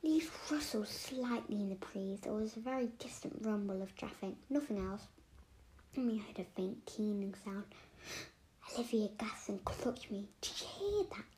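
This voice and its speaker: A woman reading a children's story aloud in a whispered role-play, slow and hushed. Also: medium pitch, slight background noise.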